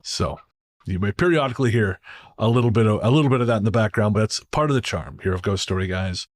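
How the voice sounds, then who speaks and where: A man's voice: on the low side, quick pace. A man hosting a podcast in a casual, joking, storytelling way. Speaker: podcast host.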